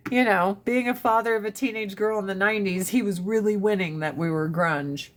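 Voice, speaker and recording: Speaking fairly quickly at a medium pitch, a forties-aged woman chats casually with her live stream audience through a phone mic. She curses openly, laughs often and imitates relatives in silly voices.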